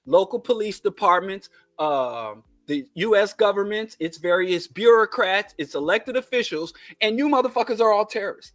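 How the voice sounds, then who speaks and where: A man's voice: high voice, a bit bright, no echo, clean studio sound. A man with a Kansas City twang hosting a political commentary monologue, digressive with emphatic lists and chatty asides. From Kansas City, USA. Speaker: show host.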